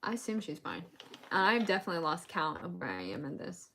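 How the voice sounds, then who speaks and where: A woman's voice: lowish voice, sing-song, fairly quick, sharp tone, a little hiss or hum. A woman on a casual crochet live stream, counting stitches aloud and laughing between lines as she chats to viewers.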